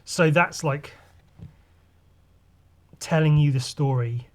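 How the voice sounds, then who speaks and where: A man's voice: on the high side, slow. Rambling, sweary podcast host guy. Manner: loose, sweary and rambling, with sighs and asides. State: voice a bit rough today. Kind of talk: casual comic walkthrough.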